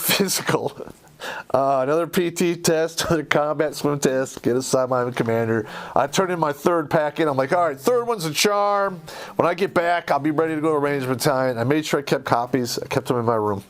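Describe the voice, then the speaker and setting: A man, an army veteran, telling a story of his own service in a heated, profane, animated way. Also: mid-range voice. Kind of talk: casual storytelling.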